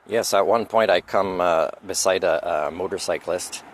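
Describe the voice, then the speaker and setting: A vlogger with a French accent, outdoors by a road on a motorcycle trip, delivers a rambling, opinionated monologue at a moderate pace. His voice is low, he chuckles often and digresses freely, and there's slight background noise.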